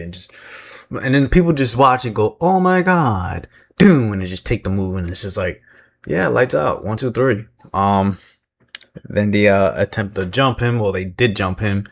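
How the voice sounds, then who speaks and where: A wrestling recap vlogger with a slightly low voice speaks at a moderate pace, giving casual commentary in a loose, wandering style. He fills pauses with "uh" and "um," chuckles frequently, and makes fun of himself.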